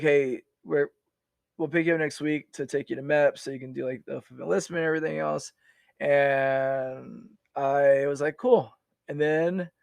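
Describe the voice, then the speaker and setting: A veteran in his forties appears as a podcast guest, his voice on the high side, gravelly, and a little mellow, with no echo. He tells his story casually and ramblingly, full of restarts and fillers.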